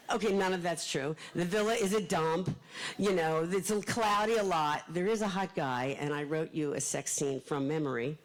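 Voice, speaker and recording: Older woman w/ a thick philly accent, talks fast and chatty, cracking jokes at a library author event. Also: lowish voice, rough recording. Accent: Philadelphia. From Philadelphia. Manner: fast-talking, chatty, joking asides. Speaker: author speaking to an audience. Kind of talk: live author talk.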